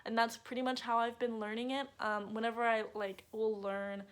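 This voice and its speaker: A woman's voice: on the high side, little pitch movement, moderate pace. A young woman, a native English speaker, chatting casually to camera in a bubbly vlog with lots of filler words. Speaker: vlogger.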